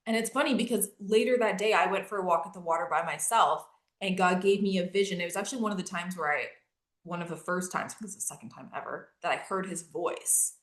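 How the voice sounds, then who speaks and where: A woman's voice: on the low side, fast, fairly bright tone. A woman in a casual faith podcast chat, speaking earnestly to listeners with frequent fillers. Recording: roomy echo.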